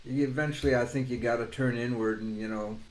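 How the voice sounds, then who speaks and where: A man, a songwriter and performer, chatting casually before his song in his morning voice, relaxed and rambling with many fillers. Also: medium pitch, brisk. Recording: echoey room with loud guitar.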